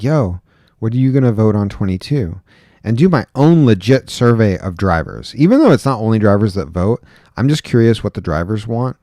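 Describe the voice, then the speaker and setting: Casual livestream host, man, low and mellow, talks loosely and drifts off topic; dry close-miked sound. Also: dry recording. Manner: rambling, chatty, reads chat aloud. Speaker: livestream host, rideshare driver. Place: indoor home room. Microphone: close desk microphone.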